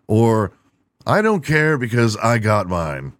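A man's voice: on the low side, sing-song, slow pace, fairly bright tone, no room sound. A man hosting his own podcast, delivering an irreverent, profane comedic monologue and laughing at his own jokes. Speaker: podcast host.

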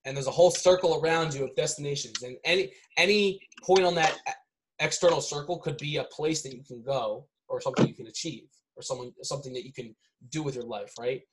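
A man's voice: mid-range voice, fast, low-quality recording. A man explaining ideas in a casual podcast chat, rambling and circling back with lots of fillers. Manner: rambling, repeats himself, many fillers like "like" and "right?".

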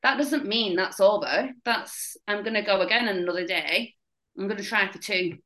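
A young woman with a Northern English accent and a mid-pitched voice, chatting candidly as a podcast guest. She speaks bluntly and openly, with a dark, laughing edge to how she talks. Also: moderate pace, low-quality recording. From Northern England. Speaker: guest, fitness coach. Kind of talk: casual chat.

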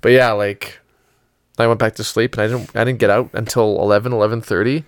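A man co-hosting a podcast in casual chat, telling stories in an animated way with swearing and laughter. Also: fairly low pitch, fairly quick, clean tone, dry recording. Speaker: podcast co-host.

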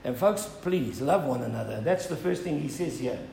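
A man's voice: medium pitch, expressive, normal speed, creaky, mellow, roomy sound, a little hiss or hum, poor audio. A male pastor preaching an earnest sermon, building up to emphatic appeals and asking "Amen?".

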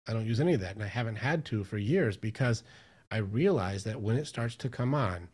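A man who works as a mindset coach, chatting as a podcast guest and telling stories with lively acted-out inner dialogue. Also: on the low side, brisk, breathy edge. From Michigan, US. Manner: animated storyteller, acts out his own inner voice. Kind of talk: casual interview chat.

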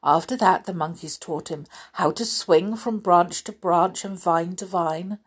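A woman reading a children's story aloud as a storyteller, in a gentle, chatty manner with small fillers. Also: fairly low pitch, measured pace, husky.

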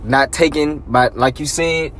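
A man in casual chat, talking in slang, rambling and shifting between low mumbles and loud bursts. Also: measured pace, slight background noise, poor audio.

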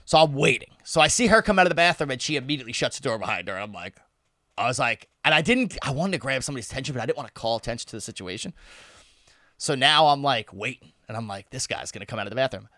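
A man's voice: medium pitch, expressive, fast, sharp tone, no echo, studio quality. A man telling a wild party story in casual chat, laughing and swearing freely.

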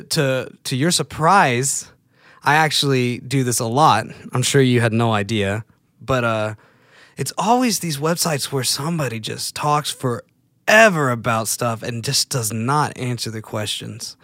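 A man's voice: mid-range voice, measured pace, fairly bright tone, no room sound, clean studio sound. Rambling self-mocking guy vlogging. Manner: self-deprecating, rambling, laughs at himself. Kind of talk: casual chat to camera.

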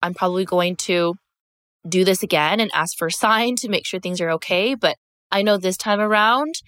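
A young woman podcast host talking straight into a close microphone, candid and emphatic, full of fillers and the odd curse. Her voice sits a little low for a woman. The sound is dry, with no room around it. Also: normal speed, fairly bright tone, no room sound. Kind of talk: casual storytelling monologue.

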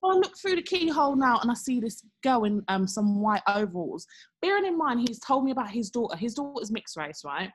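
With a high, slightly rough voice and a fairly quick pace, a young woman co-host shares a story in relaxed podcast chat. She animatedly acts out quoted people in exaggerated voices.

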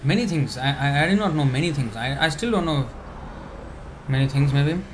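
A man giving a conversational spiritual talk, answering questions with many fillers and restarts, now and then laughing softly. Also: mid-range voice, expressive, moderate pace, slight background noise.

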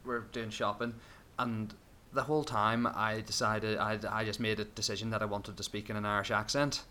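A man's voice: on the low side, little pitch movement, normal speed, bright, forceful tone. A man co-hosting a podcast in casual chat, laughing often and repeating phrases playfully. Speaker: podcast co-host.

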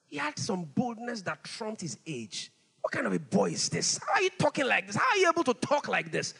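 High, bright-voiced pastor preaching. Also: male voice, brisk, gravelly, slight background noise. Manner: animated, repeats phrases for emphasis. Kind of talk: sermon. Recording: long hall reverb.

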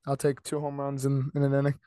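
A young man co-hosting a casual sports podcast, laughing often and making quick remarks while he watches a game. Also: medium pitch, monotone, warm tone, no echo, clean studio sound. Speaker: podcast co-host.

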